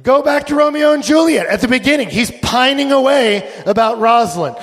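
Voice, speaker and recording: A man preaching a sermon as pastor, animated, swinging from loud bursts to hushed tones. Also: extremely high pitch, a little fast, few pauses, long reverb tail.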